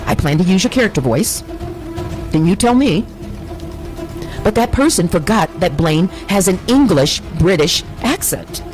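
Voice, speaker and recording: A woman's voice: lowish voice, expressive, measured pace, music in the background, rough recording. A woman reading her own chat messages aloud, in a rambling way that keeps correcting itself. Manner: meandering, self-correcting.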